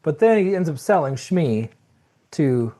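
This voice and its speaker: A man's voice: a little high, sing-song, a little slow, mellow. A man co-hosting a podcast, explaining film lore in a hesitant, stammering way. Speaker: podcast co-host. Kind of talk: casual podcast chat.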